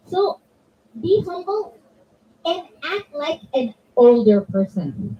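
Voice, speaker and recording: Her voice high and her pace slow, a children's religious class speaker animatedly acts out examples in voices during an interactive talk in a religious center hall. The mic is distant and the audio poor.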